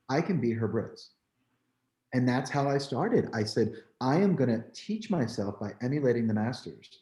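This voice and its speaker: A man from New Jersey, a photographer, telling his story in an animated, candid way, peppering his talk with "like" and "you know.". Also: mid-range voice. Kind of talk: storytelling in a conversation. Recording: roomy echo.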